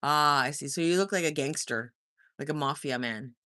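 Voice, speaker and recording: A woman's voice: sits low, moderate pace, pushed and bright, no room sound, clean studio sound. A woman hosting a casual livestream, chatting and teasing as she reads viewer comments, often laughing and singing short snippets. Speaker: livestream host. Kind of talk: casual live chat reading comments.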